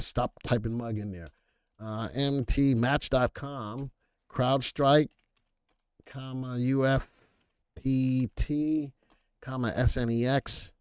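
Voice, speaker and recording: A man's voice: mid-range voice, a little mellow, smooth, dry recording, clean studio sound. A man hosting a live stock analysis stream, reading viewer chat aloud and joking between picks. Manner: playful, reads viewer chat aloud, jokey asides. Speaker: stock analysis livestream host. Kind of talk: casual live market commentary.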